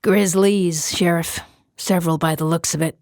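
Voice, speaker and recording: A woman's voice: on the low side, steady tone, moderate pace, a little mellow, no echo, clean studio sound, close to an everyday voice. A woman voicing a blunt, brash male hunter in an audiobook. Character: gruff tough male hunter, scoffing.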